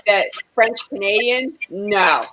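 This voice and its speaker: A woman's voice: mid-range voice, lively intonation, slow pace, background noise. A woman co-hosting a cooking show, chatting casually and agreeably, musing aloud. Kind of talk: casual chat.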